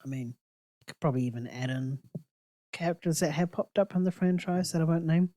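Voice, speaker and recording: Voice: medium pitch, a little fast, warm tone, no room sound, clean studio sound. Blunt, sweary young podcast co-host. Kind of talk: casual film chat.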